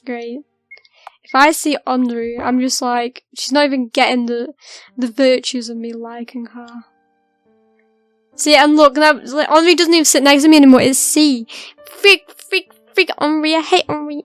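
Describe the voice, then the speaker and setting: High-voiced woman streamer reacting to a game. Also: steady tone, a little slow, dry recording, soft background music. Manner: chatty, swings into heated outbursts. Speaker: let's play streamer. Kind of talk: gameplay commentary.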